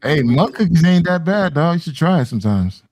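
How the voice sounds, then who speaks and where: Blunt interjecting panelist, high pitched voice. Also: male voice, sing-song, brisk, a crowd in the background. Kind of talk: heated casual debate.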